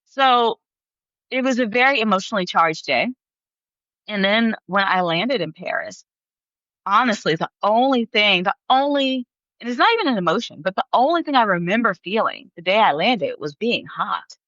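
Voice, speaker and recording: Bright, lively woman telling her story. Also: mid-range voice, normal speed, no echo, lo-fi sound. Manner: animated, laughs often, acts out quoted voices. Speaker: podcast guest. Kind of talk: storytelling in an interview.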